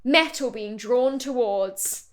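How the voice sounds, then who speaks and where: Chatty woman with a slightly high voice. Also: slow pace. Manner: chatty, restarts and trails off mid-thought. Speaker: podcast co-host. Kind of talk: casual comedic chat.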